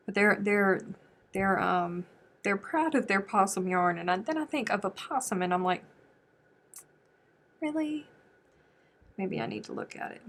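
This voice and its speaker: A woman's voice: on the low side, vocal fry, slight background noise. Chatty american woman crafting on a livestream. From United States. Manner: chatty, thinks aloud, answers viewer comments. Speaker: crochet livestream host. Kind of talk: casual livestream chat while crafting.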